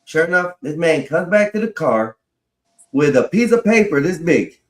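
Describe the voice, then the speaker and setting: A man's voice: on the high side, very animated, normal speed. A man telling a long personal story in a casual way, swearing freely and laughing as he goes. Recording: roomy echo.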